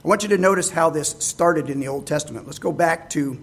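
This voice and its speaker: A man's voice: on the high side, brisk, husky. A man preaching a sermon, reading scripture aloud and asking his listeners rhetorical questions.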